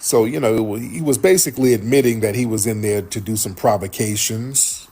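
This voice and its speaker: A man's voice: on the low side, moderate pace, mellow, slightly rough. A man hosting a show, telling a story in casual commentary and acting out what others said. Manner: storytelling, acts out others' quotes. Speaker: show host reading viewer comments.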